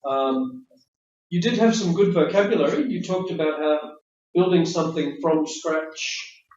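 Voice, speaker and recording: English examiner in a roomy classroom. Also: male voice, on the high side, a little slow, a little mellow. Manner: friendly, chatty, explanatory, repeats words. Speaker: IELTS speaking examiner giving feedback. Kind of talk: spoken feedback after mock test. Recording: roomy, distant, dull classroom audio.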